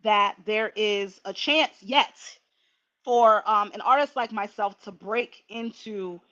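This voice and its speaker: A woman hosting a casual livestream, chatty and animated, talking straight to her viewers. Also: medium pitch, slow, muffled recording. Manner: chatty, animated, laughing asides. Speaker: livestream host.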